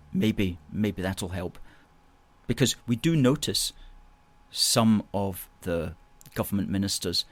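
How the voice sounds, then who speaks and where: A man's voice: lowish voice, no echo. A man hosting a live chat show, reading out viewer comments and answering them. He is emphatic and repeats phrases and words of agreement. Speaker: host.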